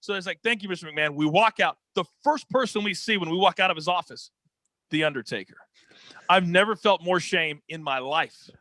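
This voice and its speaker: A man telling a dramatic story as an interview guest, energetic and expressive, on a close podcast mic. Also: high-pitched, normal speed, no echo. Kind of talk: animated storytelling.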